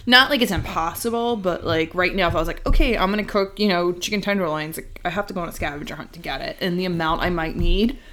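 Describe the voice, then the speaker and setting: A woman co-hosting a casual podcast, her voice pitched fairly low for a woman. She talks in a chatty, easy way, full of "like" and quick laughs. A faint noise sits under the recording. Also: pushed and bright. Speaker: podcast co-host. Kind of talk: casual chat.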